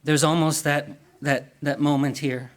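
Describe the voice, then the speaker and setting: A man's voice: fairly high pitch, flat delivery, unhurried. A man preaching a sermon in an earnest way, asking the congregation questions and often repeating or restarting words.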